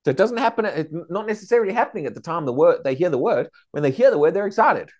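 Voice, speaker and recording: Animated man teaching a Bible class. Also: sits high, quick pace. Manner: animated, questions the class, acts out excited believers.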